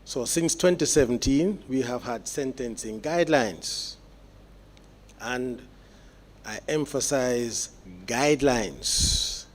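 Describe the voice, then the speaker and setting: A man, a judge delivering sentencing remarks in court in a measured, explanatory way with deliberate pauses. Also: medium pitch, darkish tone.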